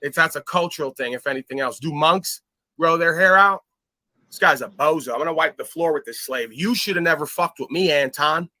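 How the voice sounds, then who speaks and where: A boastful man rants on his livestream in a fairly high, very bright voice, cursing freely. He swings from sudden loud outbursts down to low muttering. The sound is close and dry. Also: brisk, dry recording. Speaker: livestream host. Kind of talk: ranting livestream commentary.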